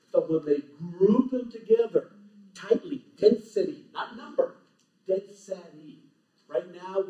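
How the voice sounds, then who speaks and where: Emphatic man lecturing in an echoey hall. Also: high-pitched. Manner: emphatic, preacherly, punchy short phrases. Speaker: conference speaker. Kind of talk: animated lecture to a live audience. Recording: echoey hall, distant, dull lo-fi.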